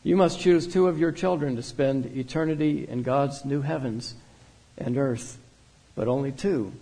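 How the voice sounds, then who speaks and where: A man voicing a calm, unrelenting wise woman who speaks in a measured way, without emotion. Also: fairly high pitch, husky, rough recording. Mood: stern.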